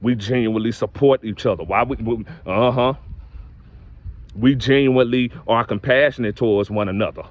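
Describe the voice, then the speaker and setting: Young man, mid-pitched, preaching to camera on a dull, lo-fi recording. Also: normal speed. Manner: preachy, repetitive catchphrases, rising to high exclamations. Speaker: vlogger. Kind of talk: casual direct-to-camera rant.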